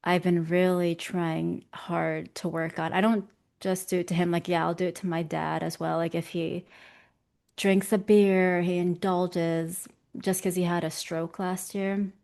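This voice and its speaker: Young woman rambling casually in an interview, lots of laughing, bit of vocal fry. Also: lowish voice, level tone, a little slow, darkish tone. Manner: chatty and self-deprecating, laughing often. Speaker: interview guest, visual development artist. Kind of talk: casual conversation.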